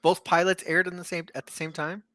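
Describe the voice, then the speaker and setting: Jokey male co-host, higher and bouncy voice, background chatter audible. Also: little pitch movement. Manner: jokey, quick interjections. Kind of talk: casual podcast banter.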